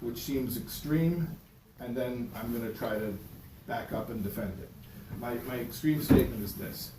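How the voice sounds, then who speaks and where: A man teaches a class in a synagogue classroom, lecturing through a lively story, stumbling over and repeating words and voicing characters as an animated storyteller. His voice is medium in pitch at a normal speed, recorded from far off in an echoey, noisy room.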